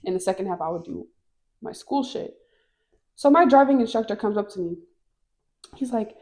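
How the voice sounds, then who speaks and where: A young woman co-hosting a casual talk show, telling a long story with plenty of swearing. She gets loud and lively when she acts out the people in it. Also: on the high side, normal speed, pauses often. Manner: animated, swearing, acts out quoted people loudly. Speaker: podcast co-host.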